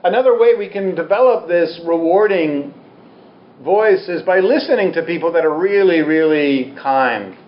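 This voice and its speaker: Speaking before a live audience, a man delivers a Buddhist dharma talk that is candid, funny, and self-deprecating. His voice is on the high side at normal speed, and the recording sounds roomy and slightly dull.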